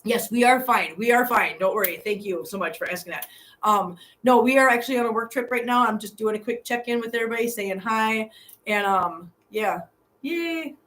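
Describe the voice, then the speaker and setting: In a rough recording, a middle-aged channel host streams live from a hotel room with a fairly high, slightly bright voice and a somewhat fast pace. She laughs often while speaking sincerely and from the heart to her audience.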